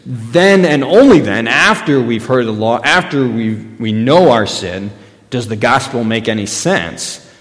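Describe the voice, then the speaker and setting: Pastor guy giving a sermon, chatty and storytelling, regular pitch, lots of hall echo. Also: expressive, a little slow, fairly bright tone. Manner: conversational preaching with anecdotes and emphatic rises. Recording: long reverb in a hall.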